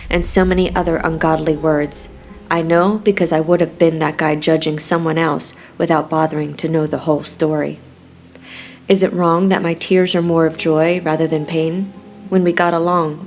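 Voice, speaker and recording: A woman narrating a romance audiobook in the first person with a steady, reflective reading. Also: low voice, gravelly.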